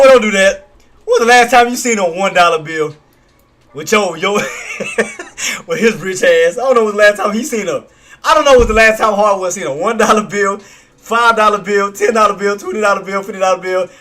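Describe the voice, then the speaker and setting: Hyped high-voiced trading streamer, man. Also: normal speed. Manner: hyped, shouting and laughing, slangy. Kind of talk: live trading commentary.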